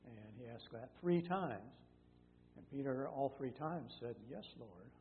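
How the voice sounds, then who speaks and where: A man's voice: mid-range voice, lively intonation, a little slow. Male pastor, casual Bible-study delivery with fillers and restarts, faint hum behind. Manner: conversational, frequent fillers and self-corrections. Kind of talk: Bible teaching sermon. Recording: tinny phone-like sound in a reverberant hall with faint hum.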